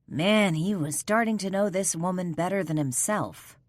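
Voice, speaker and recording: A woman narrating a paranormal romance audiobook in a measured, expressive storytelling manner. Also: on the low side, no echo, studio quality. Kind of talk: scripted narration.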